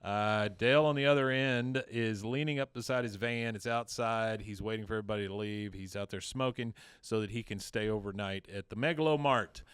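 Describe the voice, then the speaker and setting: A man hosting a podcast, retelling an episode in a casual, animated way and acting out quoted lines. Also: fairly low pitch, brisk, few pauses, smooth, dry recording, studio quality. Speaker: podcast host. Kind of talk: casual recap chat.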